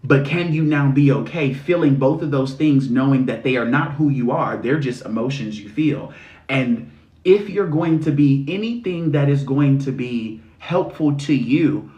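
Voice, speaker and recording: A man hosting a live stream, delivering a blunt, sweary motivational rant full of rhetorical questions, swinging into mocking high voices. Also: animated, a little slow, a little mellow, highs cut off. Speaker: spiritual reader and live-stream host. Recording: roomy echo.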